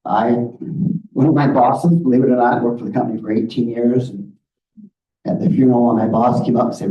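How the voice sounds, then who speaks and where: A man's voice: mid-range voice, little pitch movement, moderate pace, pauses often. Middle-aged guy giving a talk, earnest and direct, sounds far off in an echoey meeting room, kinda muffled. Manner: earnest, direct, frequent "okay?". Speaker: guest speaker on grief. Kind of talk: presentation with slides. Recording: roomy, distant, muffled room audio.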